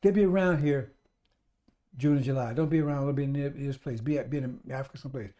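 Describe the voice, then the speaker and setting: On a live radio stream, a man with a mid-range, warm voice preaches a sermon, talking fast. He urgently and repeatedly exhorts his listeners, addressing them as brothers and sisters.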